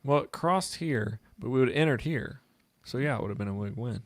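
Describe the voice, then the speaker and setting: Creaky-voiced man joking through trades. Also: mid-range voice, lively intonation, a little fast, no echo. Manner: joking, rambling, jumps into silly voices. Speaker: co-host of a trading show. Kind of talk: casual banter over live trading.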